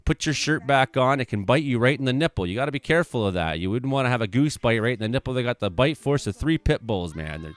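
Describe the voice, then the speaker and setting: A man commenting on animal videos in a casual, joking style. He gets excitable and swears freely. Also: mid-range voice, fast talker, few pauses. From Canada.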